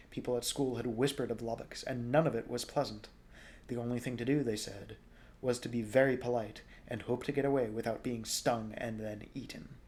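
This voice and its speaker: Man, young adult, casual storybook reader, relaxed delivery, mid pitch. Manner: relaxed, informal, jokes at stumbles. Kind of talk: reading a novel aloud.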